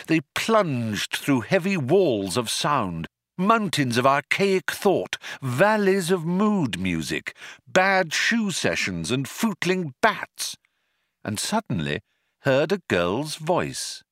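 A man narrating a story in a measured, wry storytelling manner. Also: fairly high pitch, wildly swooping pitch, fairly bright tone, dry recording, clean studio sound. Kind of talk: audiobook narration.

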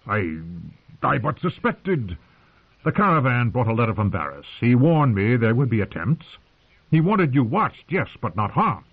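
A man's voice: mid-range voice, big pitch swings, a little slow, slightly rough, heavily acted. A man reading aloud, voicing a big, proud exiled knight who defends himself and pleads, heard through narrow phone-like sound. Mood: insistent.

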